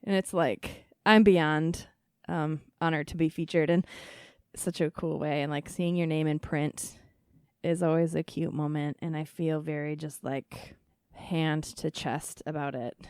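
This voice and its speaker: This woman in her thirties hosts a podcast, keeping things laid-back with lots of laughter, filler words, and self-deprecating humor. Her low-sitting voice is smooth and a little mellow, a little slow, with fairly even intonation. The studio-quality recording is dry.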